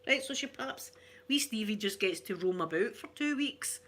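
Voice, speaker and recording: A woman with a Glaswegian Scottish accent chatting casually, a rambling storyteller who laughs often and slips into soft asides. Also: medium pitch, expressive, moderate pace. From Glasgow, Scotland. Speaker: ASMR vlogger. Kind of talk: casual chat.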